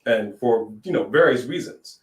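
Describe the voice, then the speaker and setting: A man co-hosting a casual wrestling chat, animated, riffing and joking. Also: medium pitch, normal speed, distant mic. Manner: animated, sings jokingly, reads in a newscaster voice. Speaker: podcast co-host. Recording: echoey room, off-mic.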